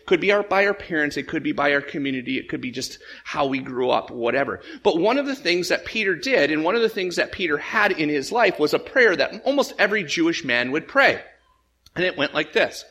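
Animated male pastor preaching, high-pitched voice, repeats himself when he starts a sentence. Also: fairly quick. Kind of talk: sermon.

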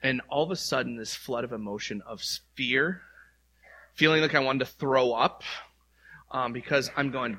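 A man's voice: medium pitch, steady tone, moderate pace, pushed and bright. A middle-aged male pastor preaching in an earnest, conversational way, acting out heartfelt prayers aloud. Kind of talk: sermon.

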